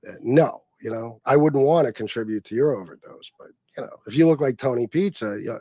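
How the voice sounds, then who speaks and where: A man's voice: medium pitch, fairly quick, hardly any pauses, dark tone, slightly rough, no echo, clean studio sound. A man hosting a casual livestream, talking bluntly and crudely and rambling with lots of fillers. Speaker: livestream host.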